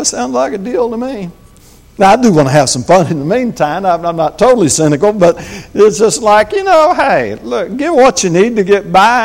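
A man's voice: a little high, darkish tone. An older man, a pastor, preaching a folksy, conversational sermon with frequent stammered restarts.

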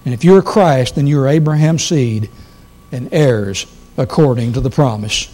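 A man's voice: medium pitch, moderate pace, mellow. A man preaching a sermon to a congregation, reading scripture with strong emphasis. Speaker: guest preacher. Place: church sanctuary.

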